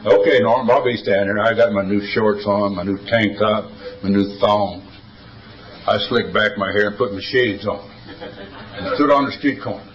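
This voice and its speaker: A man's voice: on the low side, steady tone, normal speed, fairly bright tone, reverberant, recorded from a distance, muffled recording. An older man speaking at a recovery meeting, telling stories in a folksy, wisecracking way. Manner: folksy, wisecracking, drawling storyteller. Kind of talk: storytelling talk at a recovery meeting.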